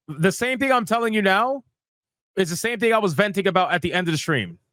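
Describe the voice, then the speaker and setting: A man's voice: high-pitched, fairly bright tone, no echo. A man giving casual, profane gaming commentary, ranting in exasperation and repeating himself.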